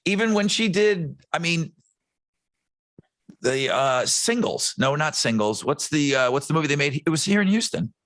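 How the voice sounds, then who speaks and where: A man co-hosting a podcast, riffing on movies in a crude, animated way and swearing often. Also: fairly high pitch, moderate pace, dry recording. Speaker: podcast co-host. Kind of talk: casual chat.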